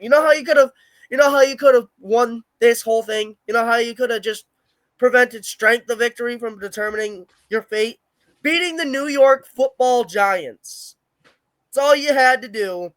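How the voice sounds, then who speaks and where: Young guy cohosting a sports podcast, pretty high voice, brash and mouthy, dry close sound. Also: fairly bright tone, no room sound. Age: young adult. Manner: brash, opinionated trash talk. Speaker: podcast co-host. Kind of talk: casual sports chat.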